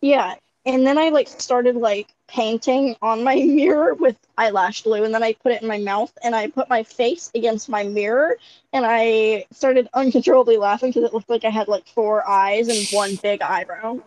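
High-voiced giggly young woman rambling. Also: moderate pace, darkish tone. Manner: giggly, rambling, many "like" fillers. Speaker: podcast co-host. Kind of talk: casual chat. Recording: dull lo-fi sound with faint background noise.

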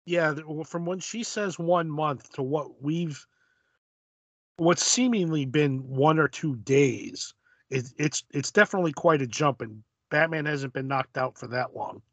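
A man co-hosting a casual podcast, describing comic panels in a thoughtful, halting way with many restarts. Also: fairly high pitch, fairly bright tone, dry recording, highs cut off. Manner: hesitant, restarts often, thoughtful. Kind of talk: casual comic book discussion.

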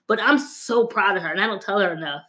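A woman in her thirties co-hosts a casual podcast, talking fast in a medium-pitched, slightly bright voice. She's enthusiastic and heavy on fillers, saying "like" a lot.

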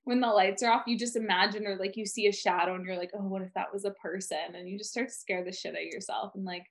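Fast and steady in tone, this young podcast co-host has a mid-range voice with vocal fry. She rambles through casual chat, saying "like" constantly.

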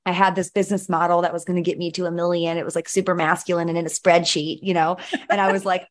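A woman guest on a mentoring podcast, telling her story with animated emphasis and frequent "like"s. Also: on the low side, quick pace. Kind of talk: energetic storytelling in conversation.

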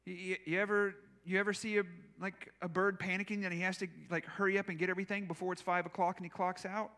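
A man's voice: high-pitched, little pitch movement, quick pace, sharp tone. A male pastor preaching a sermon in a church, telling personal stories in a conversational, self-deprecating way. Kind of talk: storytelling sermon.

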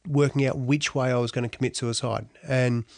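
A middle-aged Australian man speaks candidly as an interview guest. His voice sits at a medium pitch, and his talk is blunt and slangy, with frequent asides. The sound is close and dry. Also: steady tone, brisk, a little mellow, no echo. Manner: blunt, slangy, down-to-earth, frequent "you know". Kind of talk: candid personal storytelling.

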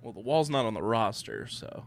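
A man's voice: lowish voice, lively intonation, moderate pace, background noise. A young man co-hosting a casual lacrosse picks show, laid-back and joking, swearing now and then. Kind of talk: casual sports chat.

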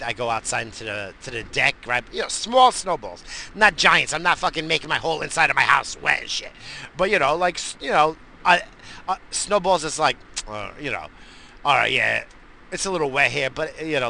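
A middle-aged man from the New York area hosts a podcast, with a gravelly, very bright voice. He rambles through crude, boisterous stories full of profanity. A faint noise sits under the recording. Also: medium pitch. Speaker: podcast host. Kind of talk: profane casual monologue.

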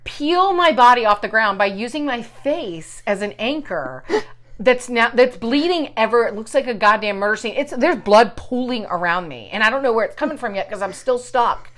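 A middle-aged woman tells a story in casual conversation, animated and swearing, loudly acting out what people said. Her voice is a little high and her pace normal.

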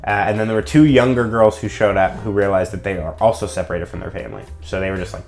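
A man's voice: on the low side, steady tone, fast talker, darkish tone, faint music behind. A young man telling a long, rambling story in casual chat, full of fillers and acted-out quotes. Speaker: storyteller guest.

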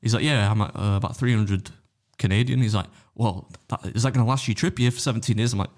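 A man spins a story at a quick clip, his voice sitting fairly low. He slips into other people's voices and laughs as he goes, swearing freely in relaxed podcast chat. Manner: animated anecdote-telling, acts out other voices, swears freely, laughs often. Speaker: podcast guest, competitive eater.

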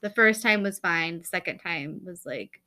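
A woman's voice: on the low side, normal speed, bright, forceful tone. A woman in her thirties co-hosting a casual chat podcast, rambling and chatty with lots of fillers. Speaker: podcast co-host.

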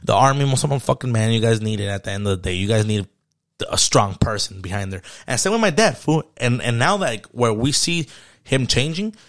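A man's voice: mid-range voice, animated, brisk. A man in his thirties chatting casually on a podcast, loose and slangy, dropping Spanish words into his talk. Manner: laid-back slang-heavy talk mixing in Spanish. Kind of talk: casual chat.

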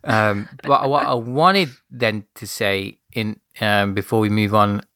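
A man in his thirties co-hosting a movie podcast, chatty and quick to laugh, often repeating himself. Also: lowish voice, bright, forceful tone, clean tone, no room sound, clean studio sound. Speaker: podcast co-host. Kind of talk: casual chat.

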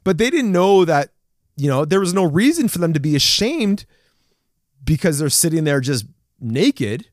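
Animated male preacher, lively pitch. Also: moderate pace, dry recording, studio quality. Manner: animated, acts out scripture figures, chuckles. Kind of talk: casual sermon.

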